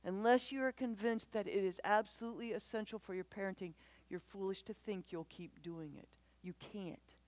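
A woman giving a conversational church talk on parenting, animated and quick to act out voices, often asking the audience questions. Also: medium pitch. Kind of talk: conversational sermon.

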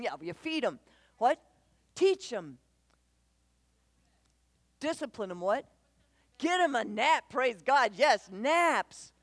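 A woman giving a conversational church talk on parenting, animated and quick to act out voices, often asking the audience questions. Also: high voice, no room sound. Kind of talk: conversational sermon.

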